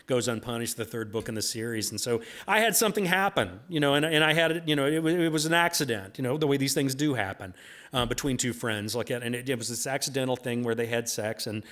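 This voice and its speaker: A man's voice: medium pitch, fast, a bit bright. A man, an author, telling stories to an audience in a rambling, self-deprecating way, full of repeated filler phrases. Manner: self-deprecating humor, laughs at his own jokes. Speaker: author speaking at a book event. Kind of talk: live storytelling talk to an audience.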